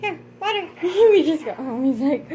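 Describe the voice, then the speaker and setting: A woman's voice: high voice, expressive, normal speed, warm tone, slight background noise. A young woman chatting casually to the camera in a vlog, switching to short, praising commands for her service dog. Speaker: vlogger and service dog handler.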